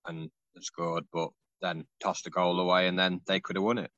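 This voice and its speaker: A man co-hosting a podcast from a holiday spot, chatty and quick to laugh while telling stories. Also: deep voice, little pitch movement, bright, forceful tone, no room sound, dull audio. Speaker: podcast co-host. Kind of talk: casual chat. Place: on holiday outdoors by a pool.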